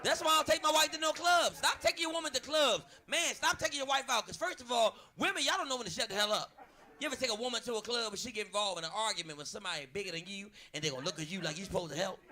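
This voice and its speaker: A man performing a crude stand-up comedy set, telling loud stories on a club stage. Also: very high voice, rapid-fire.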